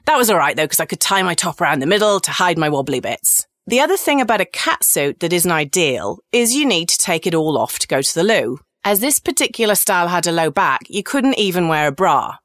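A woman's voice: lowish voice, very animated, brisk, hardly any pauses, fairly bright tone, no room sound, clean studio sound. A woman in her forties, a podcast host, tells comic personal stories in a candid, cheeky, self-mocking way.

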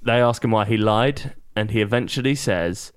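A man co-hosting a comedy podcast, walking through a plot recap step by step. His voice is low and smooth, and the recording is dry and close. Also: normal speed, dry recording. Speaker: podcast host recapping a TV series. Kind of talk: casual comedy podcast chat.

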